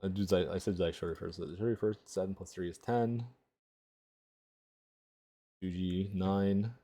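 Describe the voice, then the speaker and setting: A man's voice: low-pitched, steady tone, moderate pace, dark tone, no echo. A man playing a tabletop game, blunt and profane, grumbling about his choices. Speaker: player.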